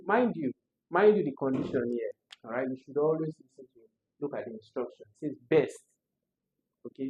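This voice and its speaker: Husky man explaining exam answers. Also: medium pitch, darkish tone. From Nigeria. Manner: explains step by step, repeats words aloud to show sounds. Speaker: exam tutor. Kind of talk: exam prep lesson. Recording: tinny phone-like audio.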